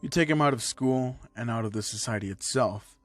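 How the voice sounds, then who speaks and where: A man voicing a calm adult male doctor who asks measured questions. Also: mid-range voice, soft background music, lightly acted.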